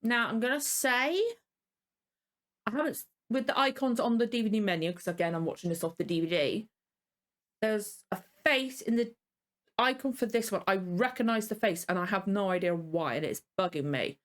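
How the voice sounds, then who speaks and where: A woman's voice: medium pitch, expressive, moderate pace. A tired woman hosting a reaction video, rambling casually and apologizing often. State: tired and yawning.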